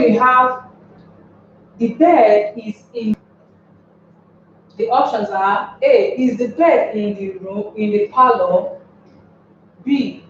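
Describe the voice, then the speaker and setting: A woman teaching an exam-prep lesson very slowly, stopping to put rhetorical questions to her class. She sounds set back from the microphone in a strongly echoing room. The recording is dull and lo-fi with a faint hiss. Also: medium pitch, darkish tone. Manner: slow and deliberate, asks the class rhetorical questions. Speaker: English tutor. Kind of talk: slow exam-prep lesson on emphatic stress. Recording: distant, echoey, dull lo-fi room.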